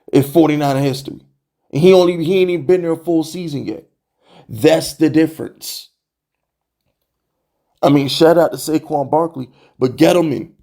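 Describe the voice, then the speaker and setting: Young male fan-channel host, slightly high, mellow voice, heated exasperated rant. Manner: animated, exasperated, repeats "bro" and rhetorical questions.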